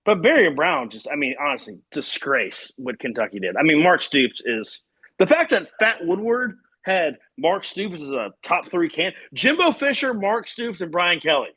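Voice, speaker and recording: A man's voice: a little high, very animated, normal speed, bright, forceful tone, husky. A man from co-hosting a live sports show, talking in a profane, ranting way. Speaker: podcast co-host. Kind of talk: casual sports talk.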